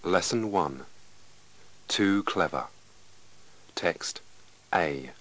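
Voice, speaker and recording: A man reading a language lesson aloud in a slow, clear, deliberate way. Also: low-pitched, lively intonation, a bit bright, rough recording. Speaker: lesson reader. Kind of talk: scripted lesson narration.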